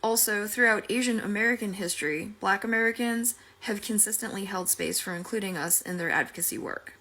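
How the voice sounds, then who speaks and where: Woman, mid pitch, earnest, measured, prepared commentary. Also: a bit bright. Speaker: advocate speaking to camera. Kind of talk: prepared commentary with read quotation.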